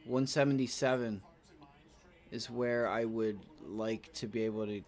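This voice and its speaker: A man's voice: medium pitch, steady tone, unhurried, a little mellow. A man streaming live day trades, venting with profanity and repeating himself in short bursts as he watches the chart. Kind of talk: live trading commentary.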